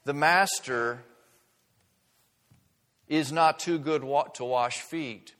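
Earnest preacher guy, kinda high voice, slows down on key words, big echoey church. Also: fairly even intonation. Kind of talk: sermon.

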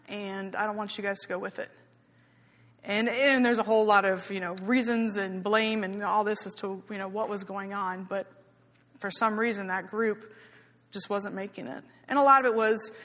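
A woman speaks informally to a church about her missionary work, chatty and candid and teary at times. Her voice sits at an ordinary pitch, and the long reverb of a church hall trails each phrase. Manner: chatty and candid, laughing easily, softening when emotional. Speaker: missionary giving a church report.

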